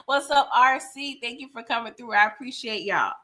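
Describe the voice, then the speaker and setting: A woman hosting a casual live-stream TV recap, animated and laughing as she talks back to the characters. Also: on the high side, moderate pace. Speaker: TV recap host.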